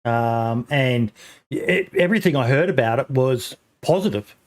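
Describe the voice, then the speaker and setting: A man's voice: mid-range voice, lively intonation, a little slow. A man hosting a podcast in casual chat, friendly and encouraging toward his guest. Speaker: podcast host.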